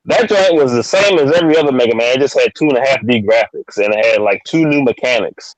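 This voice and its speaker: A man co-hosting a podcast in casual chat, relaxed and talking in repeated short phrases. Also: medium pitch, quick pace, no echo, poor audio. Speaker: podcast co-host.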